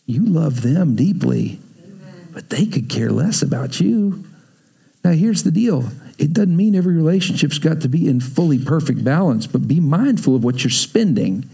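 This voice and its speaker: A middle-aged man delivers a sermon with a fairly high-pitched voice. He tells stories in an animated way, slipping into playful acted asides and little sound effects. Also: moderate pace, vocal fry, slightly rough. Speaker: pastor.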